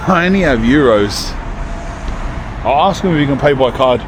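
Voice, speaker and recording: A man's voice: medium pitch, animated, normal speed. A man vlogging casually outdoors in a cold town, chatting in slang and calling people bro. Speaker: YouTuber and rapper. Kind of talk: casual travel vlog talk. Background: street and traffic sounds.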